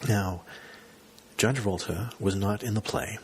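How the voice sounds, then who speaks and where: A man's voice: on the low side, unhurried, slight background noise. A man hosting a podcast, telling a long story in a casual, self-mocking monologue. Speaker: podcast host.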